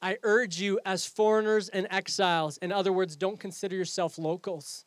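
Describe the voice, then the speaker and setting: High-voiced male pastor preaching earnestly. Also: fairly even intonation, normal speed, no room sound. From Canada. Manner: earnest, rhetorical, addresses the congregation directly. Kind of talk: sermon.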